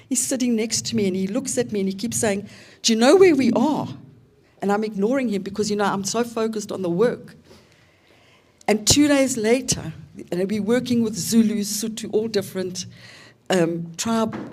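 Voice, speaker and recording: A South African woman in her fifties, giving a reflective personal testimony as an invited seminar speaker, with pauses and fillers. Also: medium pitch, a little mellow.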